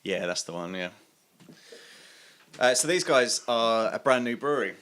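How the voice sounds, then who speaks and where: A man's voice: mid-range voice, lively intonation, moderate pace, fairly bright tone, clear, resonant tone. A man, a guest on a podcast, chatting casually about names and beers and laughing easily. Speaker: podcast guest, beer seller. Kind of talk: casual chat.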